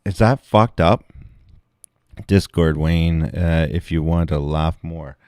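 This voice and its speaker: A man's voice: very deep voice, slow pace, a little mellow, clean tone, dry recording, studio quality. A man streaming and reacting to videos in crude casual chat, swearing constantly. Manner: crude, heavy swearing, laughing.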